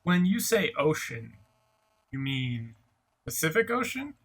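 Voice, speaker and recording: A man with a bright, forward tone plays at a tabletop game table. He talks casually and questions things with a skeptical edge. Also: fairly high pitch, very animated, measured pace, breathy edge. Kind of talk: casual play chat.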